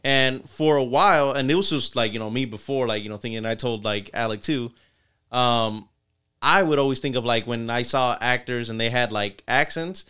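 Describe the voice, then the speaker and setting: Male co-host, smooth voice, rambling and chatty. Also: medium pitch, moderate pace, bright, forceful tone. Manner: rambling, full of "like" and "you know". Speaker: podcast co-host. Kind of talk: casual podcast chat.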